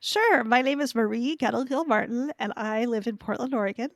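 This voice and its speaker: A middle-aged woman guesting on a podcast, her voice pitched a little high with a gravelly fry at the ends of phrases. She explains things in long, friendly run-on sentences. The sound is close and dry, with no room around her. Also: a little fast, dry recording. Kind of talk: casual interview chat.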